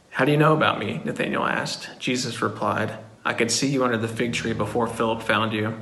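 A man reading a passage of scripture aloud in a steady, measured way. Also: mid-range voice, gravelly. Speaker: scripture reader. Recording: echoey room.

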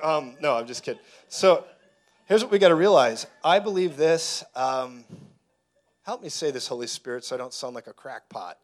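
Male preacher, casual sermon teaching, acts out dialogue, mid-range voice, conversational and lively. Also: medium pitch, normal speed. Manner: animated storyteller who acts out dialogue.

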